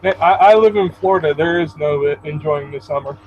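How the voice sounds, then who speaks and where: A man's voice: on the high side, normal speed, a little mellow. A man chatting as a guest on a stream, laid-back and profane, often stammering on his first words. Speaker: call-in guest. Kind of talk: casual chat. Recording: muffled call audio with faint air-conditioner hum.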